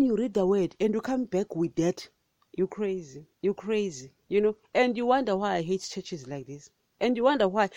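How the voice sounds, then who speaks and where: Fiery, scolding woman preacher, dark voice. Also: mid-range voice, no room sound. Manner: emphatic, repetitive, scolding, calls listeners "guys". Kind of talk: impassioned sermon monologue.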